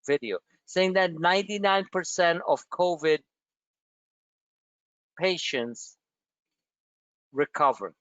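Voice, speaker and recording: Man, trading webinar host, blunt, profane, emphatic, high voice, dry sound. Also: fairly bright tone, dry recording, dull audio. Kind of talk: live trading webinar rant.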